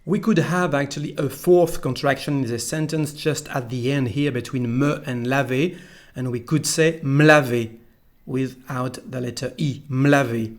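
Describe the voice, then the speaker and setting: A native French speaker with a French accent and medium pitch teaches a pronunciation lesson. He goes slowly and carefully, repeating each phrase for the learner.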